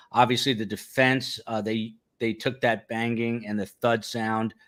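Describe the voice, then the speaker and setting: A man's voice: medium pitch, level tone, unhurried, hardly any pauses, fairly bright tone. Man hosting a live-stream chat. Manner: reads viewer comments, thinks aloud with fillers. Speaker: host. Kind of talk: casual live-stream commentary.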